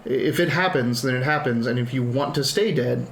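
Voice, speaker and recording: A man's voice: mid-range voice, normal speed, reverberant, slight background noise. Laughing man running a tabletop game. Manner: laughs easily, rambling with fillers. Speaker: dungeon master. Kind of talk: casual tabletop game narration.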